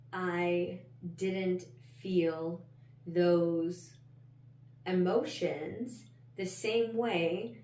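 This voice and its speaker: A woman with a somewhat low voice tells her own story as a podcast host, candid and rambling, with plenty of "like" and casual swearing. She sits a bit away from the microphone. The room around her is noticeably echoey. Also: a little mellow. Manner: candid and rambling, heavy use of "like", frequent swearing. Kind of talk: personal storytelling monologue. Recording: roomy, slightly distant mic.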